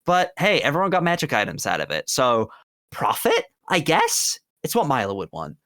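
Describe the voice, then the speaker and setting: Rambling, upbeat man, smooth voice. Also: mid-range voice, huge pitch swings, moderate pace, fairly bright tone, no echo, clean studio sound. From United Kingdom. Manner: rambling, upbeat, self-mocking. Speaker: tabletop game player plugging his projects. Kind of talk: casual end-of-stream chat.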